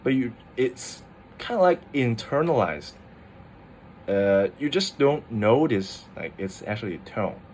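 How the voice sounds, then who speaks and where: A man explains pronunciation in an unhurried, chatty way. His speech is slow and full of "like" fillers and restarts. A faint background noise sits under his voice. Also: medium pitch, very animated, darkish tone. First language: Mandarin Chinese. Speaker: language teacher. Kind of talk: casual explainer video.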